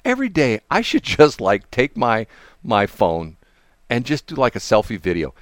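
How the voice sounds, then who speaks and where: A man's voice: medium pitch, huge pitch swings, normal speed, dry recording. A man hosting a radio show, chatting casually in a studio, rambling with many restarts and asides. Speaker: radio host. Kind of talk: casual on-air banter.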